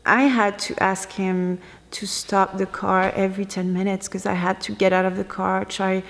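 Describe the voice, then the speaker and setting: A young woman tells her own story in a personal vlog, and her voice has a mid-range pitch. She speaks in an emotional, halting way, stopping and restarting often. A long reverb hangs behind her in the room. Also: level tone, vocal fry. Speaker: vlogger.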